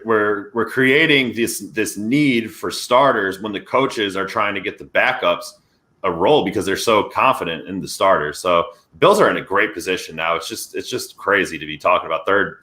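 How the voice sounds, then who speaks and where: Brief: male co-host, low and bright voice, energetic casual football talk. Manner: energetic, conversational football analysis. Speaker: podcast co-host. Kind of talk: casual sports podcast discussion.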